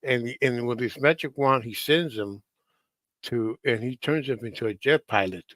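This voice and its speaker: Guy rambling casually, lots of ums, mid pitch, dry sound. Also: moderate pace, a bit bright, no room sound. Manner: rambling, hesitant, many fillers. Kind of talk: casual chat to camera.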